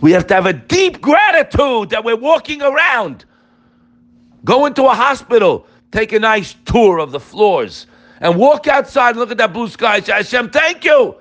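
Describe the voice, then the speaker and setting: A man's voice: very high voice, very animated, moderate pace, a bit bright. A man teaching an informal Torah class, emphatic and addressing his listeners directly.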